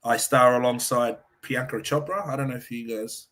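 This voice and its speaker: A man with an Australian accent, a guest in a casual interview chat, friendly and quick to agree with the host. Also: medium pitch, fairly even intonation, over a noisy crowd. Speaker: podcast guest.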